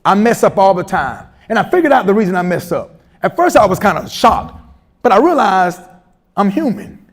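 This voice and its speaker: A middle-aged man giving a motivational, humorous speech to teachers, animated and telling stories with acted-out voices. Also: high voice, normal speed, breathy edge. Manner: animated storyteller, humorous asides, acts out quoted voices. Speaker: keynote speaker at educators' institute day.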